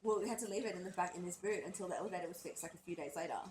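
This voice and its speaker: A woman's voice: fairly low pitch, rapid-fire, darkish tone, poor audio. A young woman from Australia co-hosting a podcast, telling a story in casual chat, swearing often and acting out quotes. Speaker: podcast co-host.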